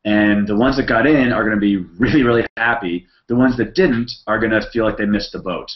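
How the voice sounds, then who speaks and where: A man with a fairly low voice chats casually in an online hangout, agreeing and circling back with fillers. His voice rings in an echoey room. The audio is dull and lo-fi. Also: brisk. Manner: agreeable, hesitant, with many fillers.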